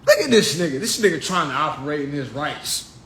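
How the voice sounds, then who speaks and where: A man hosts a livestream and rants comically to his viewers, calling them y'all and swearing freely. His voice sits high for a man and jumps around a lot in pitch, which gives every line an animated bounce. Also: a little fast. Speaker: livestream host. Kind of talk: casual comedic rant.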